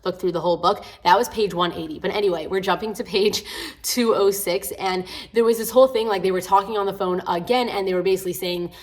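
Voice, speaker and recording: A woman's voice: mid-range voice, fairly even intonation, fast talker. A woman book vlogger chatting casually and gushing about a book series, rambling with lots of "like" and the odd swear word. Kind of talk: casual reading vlog chat.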